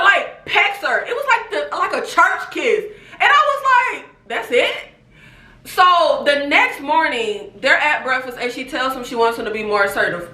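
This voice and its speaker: Sassy woman host, high lively voice, TV recap vlog in an echoey room. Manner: animated, sassy, laughs often. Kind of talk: casual review chat.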